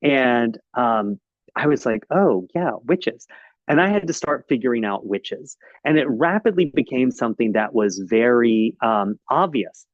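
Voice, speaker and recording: A man giving a casual author talk, telling his story in a lively way with frequent ums and uhs. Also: medium pitch, moderate pace, dry recording. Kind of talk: casual presentation. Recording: slightly dull, dry recording.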